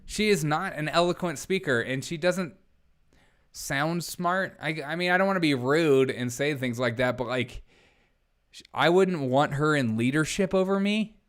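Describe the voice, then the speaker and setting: A man's voice: on the high side, moderate pace. A man hosting a casual political live stream, joking and sarcastic, laughing often as he reacts to clips and chat.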